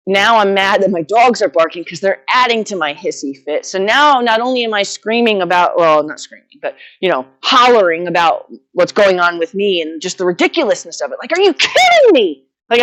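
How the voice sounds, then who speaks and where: A woman's voice: medium pitch, expressive, moderate pace, a bit bright. A middle-aged woman vlogging casually, telling a rambling, self-deprecating story about her horse farm with frequent laughs.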